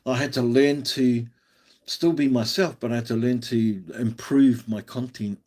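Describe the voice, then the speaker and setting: A man's voice: mid-range voice, fairly even intonation, a little slow, a little mellow. An Australian man hosting a live stream, chatting casually and encouragingly, often restarting his sentences.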